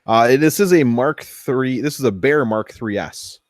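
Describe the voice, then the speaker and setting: A man hosting a casual workshop build vlog, chatty and thinking aloud as he tests his machine, easily excited when something works. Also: mid-range voice, measured pace, no room sound, clean studio sound. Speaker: 3D printing hobbyist host.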